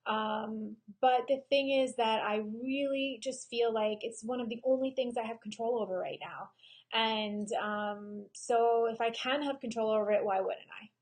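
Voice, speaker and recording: A woman photographer speaking candidly and emotionally in a personal video diary, pausing often with "um". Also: on the high side, steady tone. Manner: frank and emotional, with frequent pauses and "um"s. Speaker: photographer and vlogger.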